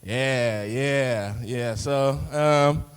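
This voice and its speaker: A man's voice: medium pitch, extremely slow, clean tone, big-room sound, rough recording. A young man from Chicago's South Side doing a loose, rambling stand-up set at an open mic, full of fillers and chuckling at his own jokes. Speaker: stand-up comic. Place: open-mic stage in an arts space.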